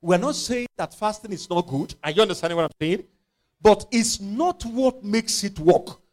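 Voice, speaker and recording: Impassioned high-voiced male preacher. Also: animated, moderate pace, a little mellow. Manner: impassioned, dramatizing scripture with acted voices. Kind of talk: sermon.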